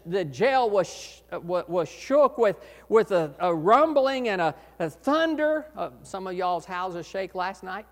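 High-voiced preacher in an echoey hall. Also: male voice. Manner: earnest, rises to loud emphasis then drops low. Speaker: pastor. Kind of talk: sermon.

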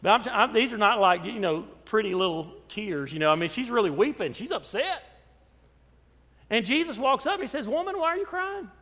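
A man with a high voice preaches a sermon in a church, his voice trailing into a long reverb. He pushes some phrases out loudly for emphasis, then drops to soft, low asides. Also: sing-song, fairly quick. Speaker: pastor.

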